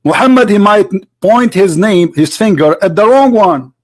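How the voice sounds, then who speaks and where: A man's voice: high-pitched, animated, moderate pace. Mocking man arguing over a debate clip. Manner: mocking, argumentative, talks at the viewer. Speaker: commentator replaying a debate. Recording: lo-fi online voice chat.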